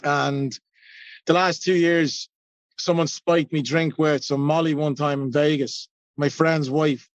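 A man's voice: on the high side, fairly even intonation, unhurried, no echo, muffled recording. An Irish man in his forties giving a blunt, self-mocking personal share at a recovery meeting, swearing freely. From Ireland. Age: 40s.

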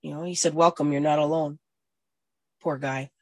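Husky lower voiced woman in her 40s swearing thru her recovery story, dry close sound. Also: fairly even intonation, moderate pace, no echo. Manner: blunt and profane, swinging from hushed to loud. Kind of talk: personal recovery testimony.

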